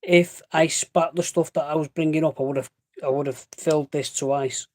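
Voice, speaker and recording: A man's voice: a little high, fairly even intonation, normal speed, a little mellow. Chatty young man with a cough. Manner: chatty, rambling, self-correcting, says "mate" often. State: chesty cough, wheezy. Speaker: vlogger. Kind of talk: casual chat.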